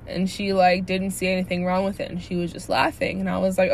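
A woman in her early twenties telling a workplace story in a casual, animated rant, blunt and profane with lots of "like" fillers. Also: mid-range voice, normal speed, a little hiss or hum. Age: early 20s. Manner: indignant and blunt.

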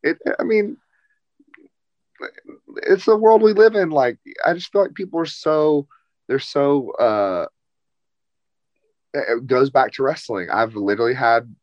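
A man's voice: mid-range voice, a little slow, long pauses, darkish tone, dry recording, highs cut off. A man in a casual chat, talking bluntly and flamboyantly, with lots of swearing.

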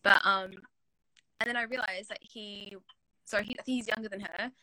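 A woman in her twenties from Australia, a guest in a casual live-stream chat, talking in a quick, animated way with lots of "like". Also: mid-range voice, no echo, rough recording.

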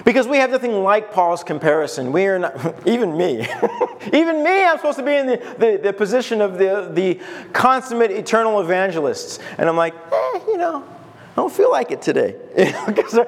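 Pastor, male, high and very animated, chatty sermon with bits of acted dialogue, long hall reverb. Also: a little fast. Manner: animated, laughing, acts out voices. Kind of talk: conversational sermon.

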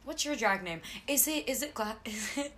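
A woman's voice: fairly high pitch, expressive, normal speed, fairly bright tone, slight background noise. A woman co-hosting a podcast, chatting casually and teasingly while eating, laughing often. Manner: giggly, teasing. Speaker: podcast co-host.

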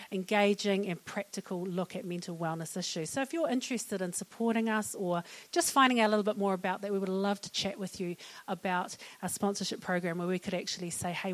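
A middle-aged woman with a New Zealand accent giving a humorous, chatty public talk on mental wellness to an audience. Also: mid-range voice. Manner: humorous and chatty, laughing at her own jokes.

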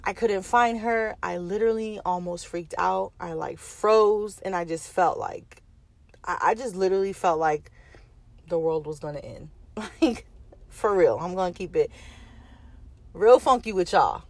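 A woman's voice: fairly low pitch, unhurried, no room sound. A woman in her thirties from the United States, telling a personal story in a chatty vlog style with lots of fillers and restarts. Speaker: vlogger.

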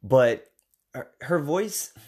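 American podcast co-host, middle pitch, loose rambling film chat. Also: male voice, animated, drawn-out words, darkish tone, breathy edge. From United States. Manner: rambling, self-correcting, acts out film lines. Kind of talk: casual film review chat.

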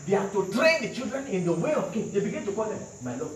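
A man's voice: sits high, expressive, quick pace. A man preaching, emphatic and repetitive, quizzing his congregation. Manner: emphatic, repeats lines, questions the congregation. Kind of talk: sermon. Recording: very echoey hall from far off, faint noise.

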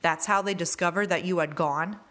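Woman reader as stern grieving teen, pointed questions, lower pitch. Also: fairly even intonation, fairly quick, a bit bright, close to an everyday voice. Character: grieving teenage classmate, relentless and stern. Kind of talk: reading a novel aloud.

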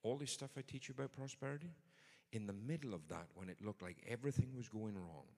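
A man's voice: lowish voice, expressive, fast talker, long reverb tail. A man preaching a sermon in a conversational but emphatic way. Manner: conversational, emphatic, builds to forceful points.

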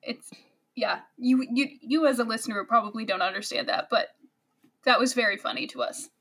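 A woman's voice: fairly high pitch, brisk, a bit bright, husky. Sarcastic chatty young woman podcaster. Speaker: podcast co-host. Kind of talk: casual book discussion.

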